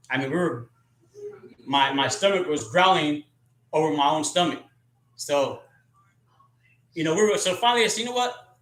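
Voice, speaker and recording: A man tells rambling, profane, joking stories about his childhood on a casual live stream. His voice is a little high and bright, with a sharp edge, and the room around him is echoey. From California. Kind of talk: casual storytelling.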